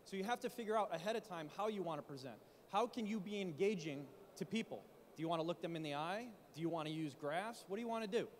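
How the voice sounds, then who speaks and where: Animated high-voiced man coaching from a stage. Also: fast, few pauses, long reverb tail. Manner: animated, rhetorical questions, coaching. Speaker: conference speaker. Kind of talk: startup pitch talk. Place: conference stage in a large hall. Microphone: handheld mic.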